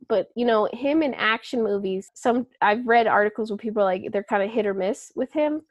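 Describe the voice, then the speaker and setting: A woman's voice: a little high, fairly quick, hardly any pauses, no echo. A young woman co-hosting a casual chat, talking chattily with lots of fillers and frequent laughs.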